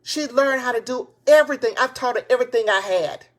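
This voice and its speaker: An excited woman preaching encouragement in a live-streamed motivational talk, recorded on a tablet. Her voice sits on the higher side, and she drives her points home by repeating them in casual, folksy phrasing. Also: fast talker. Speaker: motivational speaker and business coach. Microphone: tablet device.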